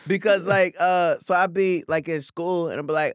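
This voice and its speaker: A man in his thirties, a guest in a casual interview, laid-back and quick to laugh, using slang. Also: high voice, steady tone, dry recording, studio quality. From United States, Jamaican parents. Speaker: guest, comedian and creator.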